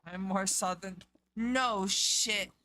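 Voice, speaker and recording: Woman streamer, bright forceful voice, chatty and profane, reads and answers chat. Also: mid-range voice, takes it slowly. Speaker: game streamer. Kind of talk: casual live-stream chat.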